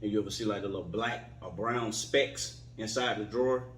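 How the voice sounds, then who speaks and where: A man's voice: on the low side, steady tone, brisk, fairly bright tone. A man co-hosting a podcast in casual chat, laid-back and profane, explaining things. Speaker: podcast co-host. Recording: echoey room, distant mic, faint noise.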